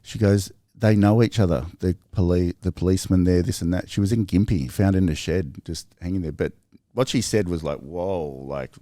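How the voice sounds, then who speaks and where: A man with an Australian accent, telling stories in a casual podcast chat, rambling and animated with lots of fillers. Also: low-pitched, a little fast, no echo, studio quality.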